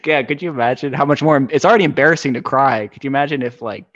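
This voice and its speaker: A man's voice: medium pitch, fast, a bit bright, dry recording, muffled recording. A man hosting a podcast, talking casually with an earnest, affirming manner. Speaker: podcast host. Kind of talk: casual conversation.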